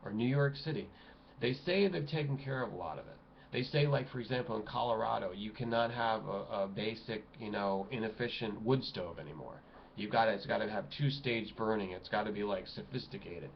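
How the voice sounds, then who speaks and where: A man's voice: a little fast, vocal fry, a little hiss or hum. Agitated ranting man, lo-fi recording. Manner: agitated, exclamatory, swings between loud outbursts and low mutters. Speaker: vlogger. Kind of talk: impassioned ranting monologue. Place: home room at a computer desk.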